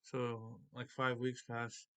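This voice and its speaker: A man's voice: medium pitch, completely flat delivery, takes it slowly, fairly bright tone, smooth. A man hosting a comic book video, casually retelling a story and unboxing comics in a loose, rambling way.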